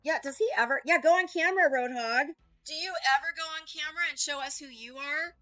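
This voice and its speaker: Sarcastic woman with a bright voice. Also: high voice, fast, no echo, soft background music, rough recording. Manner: combative, sarcastic, profane. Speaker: reaction streamer. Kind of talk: heated reaction commentary.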